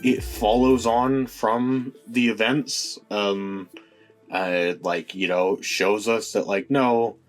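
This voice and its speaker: A man giving a casual spoken film review, hesitant, with many fillers and restarts. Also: lowish voice.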